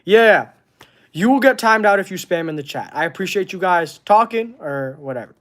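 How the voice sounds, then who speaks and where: A man from Canada, hosting a casual livestream and chatting with viewers in a halting, earnest way as he searches for words. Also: high-pitched, lively intonation, fairly bright tone. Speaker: wrestling channel host. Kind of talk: casual livestream chat reading comments.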